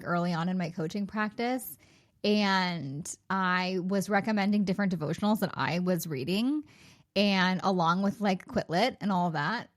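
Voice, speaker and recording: An American woman in her forties from California, a guest chatting in an upbeat, talkative way and laughing often. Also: medium pitch. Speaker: guest, sobriety coach and author. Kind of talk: casual interview chat.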